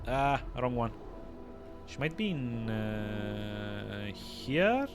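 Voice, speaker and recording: A man's voice: mid-range voice, sing-song, drawn-out words, over music. A man giving rambling live let's-play commentary, full of fillers. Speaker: streamer.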